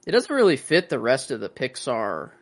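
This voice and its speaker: Rambling, excitable young man. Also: medium pitch, moderate pace. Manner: rambling and enthusiastic, many fillers and restarts. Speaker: podcast co-host. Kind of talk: casual movie chat.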